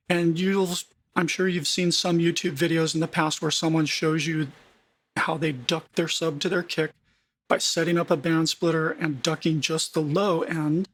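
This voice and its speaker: Gravelly, husky man teaching music production. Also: fairly high pitch, fairly bright tone. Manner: conversational, emphatic, with frequent fillers and restarts. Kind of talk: screen-share tutorial.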